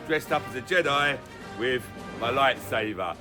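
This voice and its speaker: A middle-aged man hosting a casual weather update from his bedroom, goofy and self-mocking, full of excitable jokes and asides. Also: mid-range voice, moderate pace, soft background music. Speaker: weather vlog host. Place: bedroom at home.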